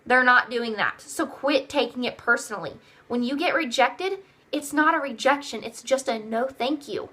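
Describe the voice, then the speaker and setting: A woman's voice: high-pitched, lively intonation, moderate pace, sharp tone. A young woman giving upbeat sales training to her team, coaching in a repetitive way and acting out customers' replies. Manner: acts out customers' replies in a raised voice. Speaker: direct sales team leader.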